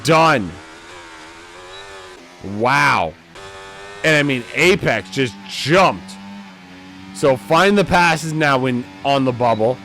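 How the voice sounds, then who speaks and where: A man giving live commentary on a sim race, a bit tipsy, swinging from low mutters to loud excited calls. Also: extremely slow, long pauses, faint music behind.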